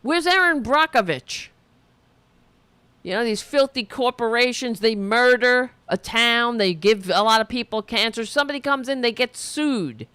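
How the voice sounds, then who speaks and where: Woman host, angry sarcastic political rant, lots of swearing, very lively pitch, slow deliberate delivery. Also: clear, resonant tone, dry recording. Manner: profane, sarcastic, heated.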